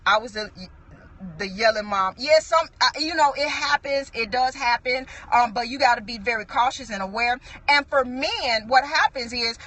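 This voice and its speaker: High bright-voiced woman preaching. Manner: earnest, conversational preaching with frequent restarts and asides. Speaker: apostle preaching. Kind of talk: sermon.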